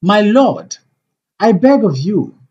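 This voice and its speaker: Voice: mid-range voice, very animated, slow pace, dark tone, dull audio. A reader voicing an anxious queen who pleads with her husband in an urgent way, in a play read aloud. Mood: pleading. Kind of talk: audiobook play reading.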